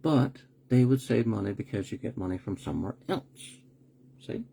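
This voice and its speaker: A man's voice: on the low side, expressive, moderate pace, vocal fry, mellow, slightly rough. A man hosting a live online broadcast, talking bluntly with rhetorical questions, sarcastic asides and the odd swear word. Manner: swears when annoyed. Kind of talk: live-streamed commentary.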